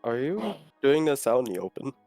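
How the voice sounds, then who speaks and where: A man's voice: medium pitch, big pitch swings, a little fast, a little mellow, dry recording, soft background music. A man playing his character in a tabletop game, speaking in a formal, quizzical manner. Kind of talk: in-character tabletop role-play.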